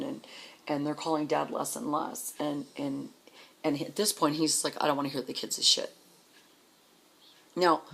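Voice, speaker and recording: Woman, fifties, husky, gravelly, blunt, emotional, personal storytelling. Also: sits low, rough recording. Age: 50s. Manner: blunt and emotional, swears freely. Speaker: trucker's wife telling her story.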